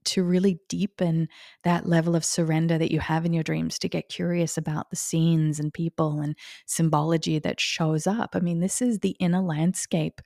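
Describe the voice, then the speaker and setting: A woman in her forties from Australia, hosting a reflective spiritual podcast in an unhurried way, often laughing as she talks. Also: lowish voice, gravelly, warm tone, no room sound, clean studio sound. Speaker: podcast host.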